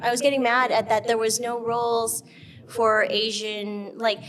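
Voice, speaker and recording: A woman's voice: on the high side, measured pace. A woman guest in an interview, chatting casually and animatedly, laughing often and filling her talk with "like" and "um". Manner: animated, laughing, lots of fillers like "like" and "um". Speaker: guest, actress and filmmaker.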